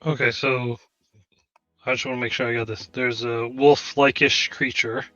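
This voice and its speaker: A man's voice: medium pitch, little pitch movement, moderate pace, pushed and bright, dry recording, dull audio. A man playing in a tabletop game, checking the details of the scene and cracking dry jokes. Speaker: player. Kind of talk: casual tabletop play.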